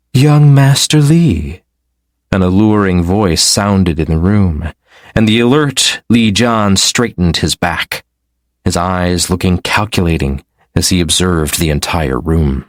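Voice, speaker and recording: A man narrating a fantasy novel audiobook in a steady, measured storytelling manner. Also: low-pitched, dry recording, studio quality. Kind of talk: scripted narration.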